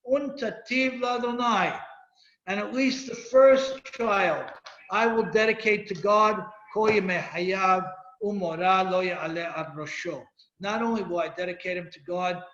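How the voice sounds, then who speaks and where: A man's voice: sits high, a bit bright. A man teaching a Torah class as a rabbi. He reads Hebrew verses, explains them and questions his students. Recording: echoey room, dull lo-fi sound.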